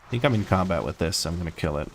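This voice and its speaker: Male streamer, American accent, slightly low-pitched, easygoing running commentary over gameplay. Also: animated, rapid-fire, creaky, a little hiss or hum. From Croatia. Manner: easygoing, explains as he plays.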